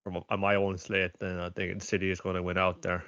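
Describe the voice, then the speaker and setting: A man with a lowish voice chats on a podcast, rambling and slipping into put-on voices as he retells scenes. His sound is dull and lo-fi. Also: completely flat delivery, brisk, a bit bright. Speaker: podcast co-host. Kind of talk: casual chat about anime.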